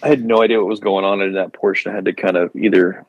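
A man co-hosting a casual podcast, agreeable and laid-back, often chiming in with quick agreement. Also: low voice, fairly even intonation, no room sound, muffled recording. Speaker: podcast co-host. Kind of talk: casual chat.

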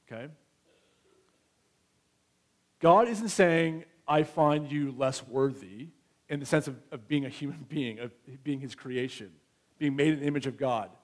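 A man's voice: mid-range voice, unhurried, long pauses. A man in his thirties preaching a sermon in a conversational way, often checking in with his listeners. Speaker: pastor.

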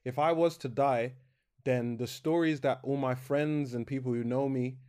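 A man's voice: mid-range voice, steady tone, moderate pace, darkish tone. A young man chatting on a casual podcast in a playful way, laughing often. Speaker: podcast co-host.

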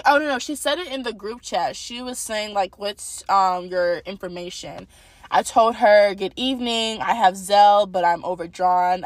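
A young woman telling a personal faith testimony in a casual, animated storytelling way, talking straight to her viewers. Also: mid-range voice, no echo. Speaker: testimony speaker.

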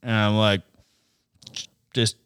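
A young man telling a story in casual chat, animated and profane, laughing a lot and acting out what people said. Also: fairly low pitch, takes it slowly, clear, resonant tone, dry recording, clean studio sound. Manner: animated, swearing, laughing often, acting out quotes.

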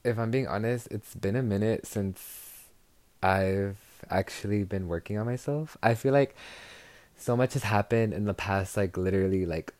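A man's voice: fairly low pitch, moderate pace, a little mellow, no echo. A young adult man hosting his own podcast in a casual, chatty way, gushing and filling his talk with "like" and "girl". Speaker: podcast host.

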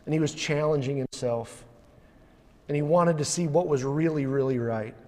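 Man, preacher, sermon, earnest, higher-pitched voice, long church reverb. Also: normal speed, darkish tone. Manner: earnest, rising to urgent emphasis with many restarts. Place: church sanctuary.

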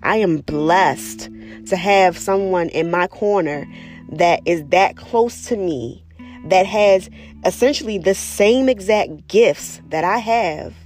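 A woman speaking candidly about her spiritual practice in a casual personal monologue, profane and animated as she tells stories. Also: mid-range voice, slow, soft background music. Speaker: spiritual vlogger.

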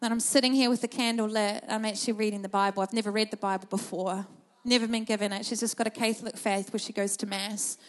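A woman's voice: mid-range voice, fairly even intonation, fast talker. A woman, preaching a sermon with passion, telling stories and building to urgent emphasis.

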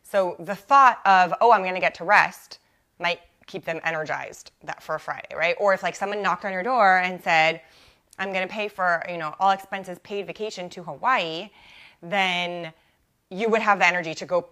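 A young adult woman hosting her own coaching podcast, talking casually and animatedly, full of "like" and quick self-corrections. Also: lowish voice, sharp tone. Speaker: life coach and podcast host. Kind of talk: casual solo podcast teaching.

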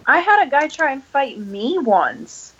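A young woman in casual chat, quickly and indignantly recounting something. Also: high voice, very animated, fairly bright tone, dull audio.

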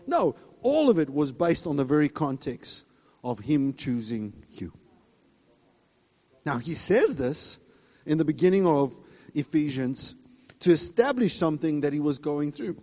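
A man preaching a sermon emphatically, swinging between loud high exclamations and quiet asides. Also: expressive, measured pace, in a large hall. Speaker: pastor.

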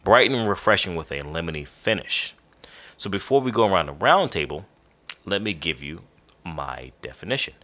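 A low-voiced man chats on a podcast, unhurried and rambling. He sounds tired, with a bright, forceful edge to his tone. He reads tasting notes between casual asides. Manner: relaxed, rambling with fillers, tired and yawning. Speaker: podcast co-host. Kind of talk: casual podcast chat, reading beer notes.

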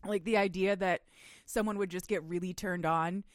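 A woman's voice: fairly low pitch, steady tone, normal speed, dry recording. Chatty woman co-host, dry close sound. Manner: chatty, frank, joking. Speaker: podcast co-host. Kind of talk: casual podcast chat.

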